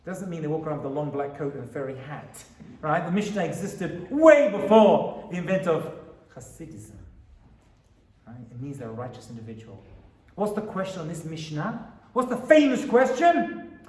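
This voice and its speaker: A man, a rabbi, giving an animated Torah lecture to a live audience, often asking them questions. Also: fairly high pitch, moderate pace, roomy sound, far from the mic.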